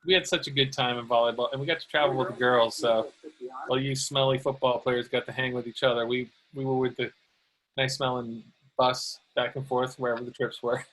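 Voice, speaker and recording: A man's voice: mid-range voice, flat delivery, fairly quick, noisy background. A man in his late forties hosting a podcast, chatting casually and nostalgically with an old classmate and laughing easily. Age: late 40s. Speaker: podcast host. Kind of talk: casual reminiscing chat.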